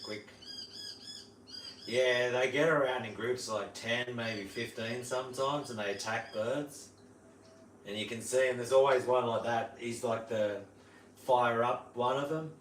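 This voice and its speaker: A man's voice: medium pitch, a little hiss or hum. Laid-back Australian man, roomy distant sound. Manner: laid-back, slangy, imitates bird calls. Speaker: livestream host. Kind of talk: casual livestream chat. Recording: roomy sound, mic at a distance, faint ambience.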